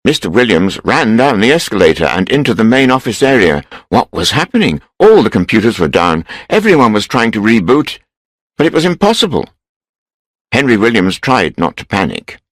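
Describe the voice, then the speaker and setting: Deep-voiced man narrating a story. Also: no echo, low-quality recording. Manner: steady, measured reading. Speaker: narrator reading a graded English story.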